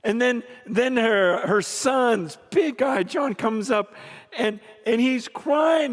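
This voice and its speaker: A man preaching and telling a story, dropping to hushed low lines and rising to loud emphatic peaks. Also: takes it slowly. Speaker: pastor. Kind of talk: sermon storytelling. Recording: reverberant hall.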